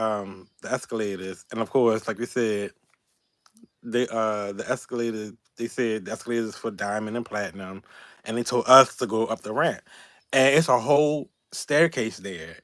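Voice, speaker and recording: Man, animated storytelling, laughing and cussing, dry close sound. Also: medium pitch, no echo. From Baltimore, Maryland. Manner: animated, laughing, profane, quoting others in raised voices. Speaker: YouTube channel host. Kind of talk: casual storytelling livestream.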